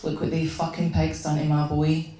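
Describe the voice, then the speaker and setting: A woman's voice: sits low, monotone, normal speed, mellow, a little hiss or hum, lightly acted. A Glaswegian woman voicing a tough, foul-mouthed working-class mother in a story she reads aloud in a bar. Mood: bitter. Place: bar venue, live reading. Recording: echoey bar room.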